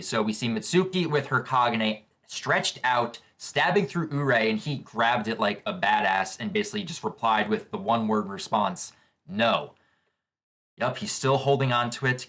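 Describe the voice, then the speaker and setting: A man's voice: medium pitch, pushed and bright. A man hosting a live manga reaction video, eagerly describing each panel as he reads along. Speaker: manga reaction channel host.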